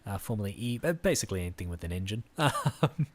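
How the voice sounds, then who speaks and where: A man's voice: fairly low pitch, big pitch swings, fast talker. A tired man chatting casually with viewers while streaming a game, easygoing and friendly. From Australia. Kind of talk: casual live-stream chat.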